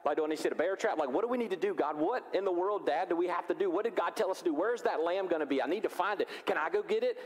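A man voicing an excited young son from a Bible story in a sermon, firing off eager questions. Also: high voice, rapid-fire, few pauses, in a large hall, voice pushed up, lightly acted.

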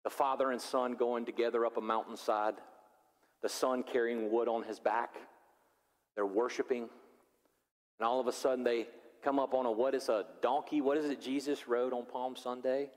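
A pastor preaching a sermon, animated and acting out the characters of the story. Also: male voice, medium pitch, moderate pace. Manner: animated, acts out biblical characters in voices. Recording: long reverb of a large hall.

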